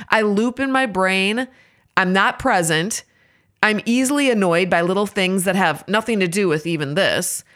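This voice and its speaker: A woman's voice: medium pitch, a bit bright. A woman speaking in a candid, self-examining way, giving a reflective monologue on faith and parenting.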